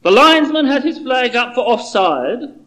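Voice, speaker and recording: A man's voice: very high-pitched, very animated, normal speed, sharp tone, voice pushed up, full character voice. A man voicing a dispassionate television football commentator. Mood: detached. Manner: detached broadcast delivery.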